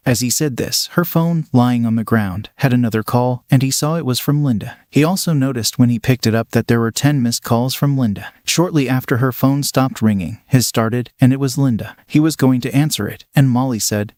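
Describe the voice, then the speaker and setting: A man narrating a scripted story in a steady, even way. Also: medium pitch, a little fast, hardly any pauses, dry recording, clean studio sound.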